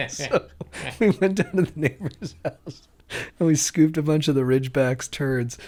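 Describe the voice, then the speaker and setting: A young man telling stories on a podcast, animated, acting out quotes and laughing along. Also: a little high, a little slow. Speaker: comedian guest. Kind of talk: casual podcast storytelling.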